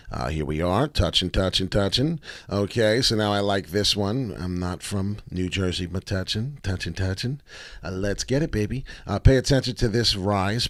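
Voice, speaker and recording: Brash male chart streamer, lowish voice with lively swings, dry sound, rambling and profane. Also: no echo. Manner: brash, rambling, swears freely, breaks into sing-song. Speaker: crypto chart analyst streamer. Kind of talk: casual live chart commentary.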